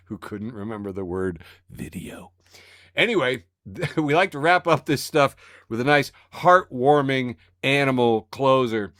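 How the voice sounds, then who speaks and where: A man co-hosting a casual podcast, sarcastic and animated, often breaking into laughter. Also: lowish voice, dry recording, clean studio sound. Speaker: podcast co-host reading the news. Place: home studio on a video call.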